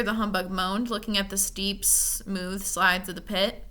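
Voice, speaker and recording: A woman reading a children's novel aloud with expressive storytelling. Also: medium pitch, normal speed, gravelly. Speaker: reader.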